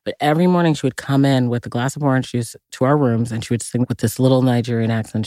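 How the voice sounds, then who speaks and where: A woman from Massachusetts, an actress being interviewed, telling lively, reflective childhood stories and often laughing. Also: very deep voice, fast talker, few pauses, dry recording, studio quality. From Massachusetts, USA. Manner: reflective, vivid listing, breaks into laughter. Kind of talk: casual interview storytelling.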